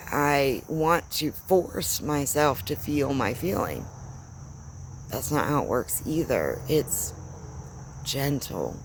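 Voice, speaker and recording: A woman giving a reflective spiritual talk, speaking gently and searchingly with long pauses. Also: a bass voice, a little hiss or hum. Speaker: spiritual teacher. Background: faint crickets and insects.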